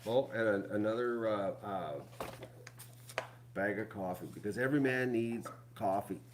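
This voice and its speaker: Rambling man, low voice. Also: a little slow, very noisy. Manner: rambling, repeats himself, restarts; addresses viewers as folks. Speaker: vlog host. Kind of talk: casual chat to viewers.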